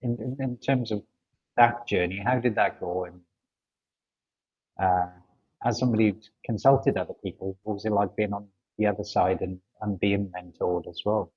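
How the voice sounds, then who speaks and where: A man's voice: fairly low pitch, fairly even intonation, moderate pace, slightly rough, dull audio. A man hosting a podcast who asks his guest questions in an easy, conversational way. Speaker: podcast host. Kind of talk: interview questions.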